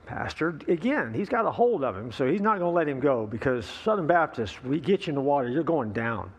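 A man preaching a sermon as pastor, telling a story in a folksy, relaxed way with fillers and asides to the congregation. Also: fairly high pitch, a little fast, husky.

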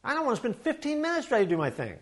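A man preaching a sermon in a folksy, animated way, with quick asides to his congregation. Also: extremely high pitch. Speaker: pastor.

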